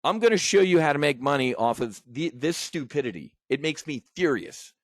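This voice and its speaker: A man's voice: fairly high pitch, big pitch swings, brisk, dry recording, clean studio sound. A middle-aged man from the United States ranting angrily and emotionally to viewers, swearing and stumbling over restarts as he teaches trading. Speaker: trading educator. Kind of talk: impassioned rant to viewers.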